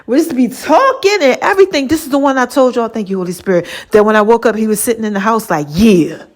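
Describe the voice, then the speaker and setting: A woman with a fairly high voice talks straight to her listeners in a loose, chatty storytelling style. She is lively and expressive and keeps acting out old conversations line by line. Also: quick pace. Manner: animated, acts out both sides of conversations; chatty, addresses listeners as baby and child. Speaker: podcast host. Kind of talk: casual storytelling monologue.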